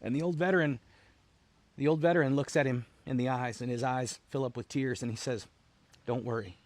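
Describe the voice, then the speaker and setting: A man, a military veteran, telling a personal story in an earnest, halting way, often repeating words as he restarts. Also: medium pitch, fairly even intonation, dry recording. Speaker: military veteran, founder of a veterans' support group.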